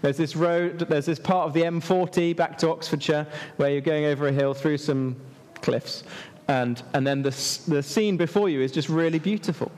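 A man preaching to children in a church hall, lively and asking the kids questions. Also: on the high side, moderate pace. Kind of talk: children's sermon. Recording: echoey hall.

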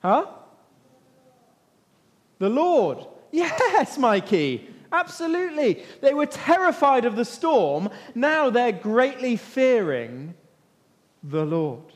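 Male preacher, high voice, lively interactive Bible storytelling, big echoing church hall. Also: takes it slowly. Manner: lively, questions the listeners and waits for answers. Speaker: preacher leading a Bible talk. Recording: long reverb of a large hall.

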